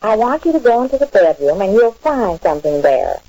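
A woman's voice: mid-range voice, very animated, brisk, warm tone, close to an everyday voice, low-quality recording. An actress playing a chatty, bossy wife in a 1930s radio comedy, insisting on her plans and mangling words as she goes. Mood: coaxing. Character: scatterbrained bossy wife, chatty, full of malapropisms.

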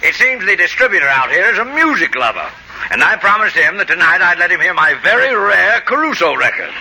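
A dry, put-upon store owner. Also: male voice, sits high, sing-song, a little fast, pushed and bright, full character voice. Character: fussy middle-aged male supermarket owner. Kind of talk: 1940s radio acting. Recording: noisy old radio broadcast.

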